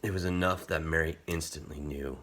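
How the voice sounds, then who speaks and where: A man with a low, husky voice delivers an earnest youth camp talk. His manner is casual and conversational, full of "like" fillers as he retells a story for teens. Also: fairly even intonation, brisk, fairly bright tone. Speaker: camp speaker.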